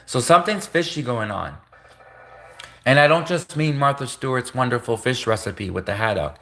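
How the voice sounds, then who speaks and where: A man hosting a live stream in a bright, forceful voice. He rambles and repeats himself in a conspiratorial tone. He keeps cutting himself off mid-sentence to correct himself. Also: medium pitch, expressive, moderate pace. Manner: rambling, repetitive, conspiratorial, self-interrupting. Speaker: livestream host.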